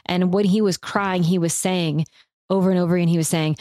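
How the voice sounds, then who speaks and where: A woman's voice: on the low side, fairly even intonation, brisk, a little mellow, no echo, clean studio sound. Reflective woman telling a personal story. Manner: reflective, rambling with frequent fillers.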